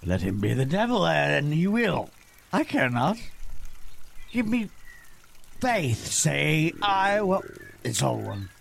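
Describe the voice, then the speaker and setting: Drunk gravelly old lord, voice wobbling all over, slurry and slow. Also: male voice, a little high, big pitch swings, a little hiss or hum, exaggerated voice. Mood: drunken. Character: drunken blustering older male nobleman. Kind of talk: Elizabethan stage acting.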